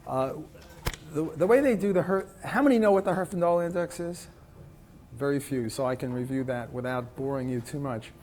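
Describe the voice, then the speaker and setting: Male economics lecturer, soft weak voice, a touch high; halting, rephrasing delivery, moving around the room with a pocket mic. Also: a little hiss or hum. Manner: halting, often restarts and rephrases mid-sentence; walks around the room while talking. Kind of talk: classroom lecture. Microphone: recorder clipped on, kept in pocket.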